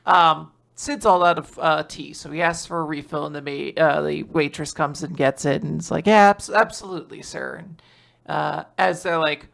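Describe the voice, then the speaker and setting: A man casually recapping a manga chapter on a podcast, acting out characters' lines in quick put-on voices. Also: a little high, creaky, a bit bright. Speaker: podcast co-host.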